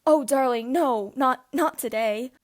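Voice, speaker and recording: A fussing middle-aged mother, breathless and gentle, voiced by a woman reading a story aloud. She speaks higher and fuller than the narration around her. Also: unhurried. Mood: flustered warm.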